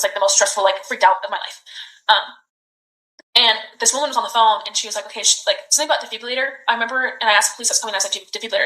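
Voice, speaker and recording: A young woman in her twenties recounting events in a recorded police interview, talking in halting, rambling bursts full of "like". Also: fairly high pitch, bright, forceful tone. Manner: halting, rambling, heavy use of "like". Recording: roomy echoey room.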